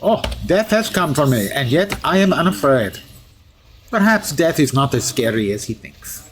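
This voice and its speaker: A man's voice: a little high, big pitch swings, moderate pace. A man voicing a huge, boastful steel-skinned male hero in a mock Russian accent, with solemn, formal phrasing. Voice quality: formal, article-dropping, grandly pompous phrasing. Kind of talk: in-character game commentary.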